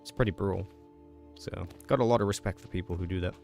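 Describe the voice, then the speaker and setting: Fast-talking man streaming a game. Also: low voice, vocal fry, faint music behind. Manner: talks quickly in a relaxed, chatty way; reacts out loud to gameplay. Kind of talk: casual live-stream commentary.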